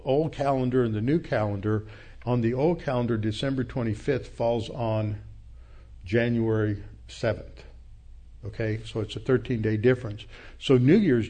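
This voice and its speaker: A man's voice: medium pitch, dark tone. A man giving verse-by-verse Bible teaching, emphatic on key points, who wanders off and loses his thread mid-sentence.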